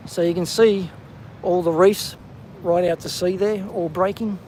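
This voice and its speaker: A man's voice: sits high, steady tone, unhurried, a little mellow, a little hiss or hum, poor audio. A man with an Australian accent hosting a live stream while walking outdoors, chatting casually and greeting viewers by name. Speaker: livestream host. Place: outdoors on a windy coastal headland.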